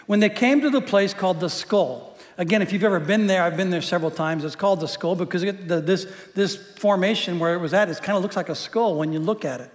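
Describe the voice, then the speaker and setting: A man's voice: high-pitched, fast, few pauses. A male pastor preaching a sermon in a conversational, joking way, often repeating his words. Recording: long hall reverb.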